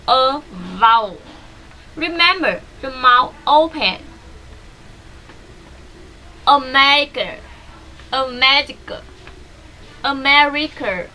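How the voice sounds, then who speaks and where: A high, bright-voiced woman teaches English vowels at an unhurried pace. She is not a native English speaker, and she draws out each drill word slowly and deliberately. A faint hum of room ambience sits behind her. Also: rough recording. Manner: slow and deliberate, drawing out repeated vowel drills. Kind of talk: pronunciation lesson with drills.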